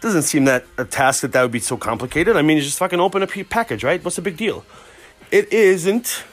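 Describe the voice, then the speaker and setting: A man hosting a podcast, telling a rambling, profane, excitable comic story from work. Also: on the high side, quick pace. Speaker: podcast host. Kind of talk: casual comic storytelling monologue.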